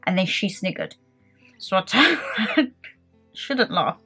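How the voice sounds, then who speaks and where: A young woman, telling a story in a casual, animated and indignant way. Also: mid-range voice, unhurried, slightly rough, faint music behind. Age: young adult. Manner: animated, indignant retelling with quoted back-and-forth. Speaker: beauty vlogger.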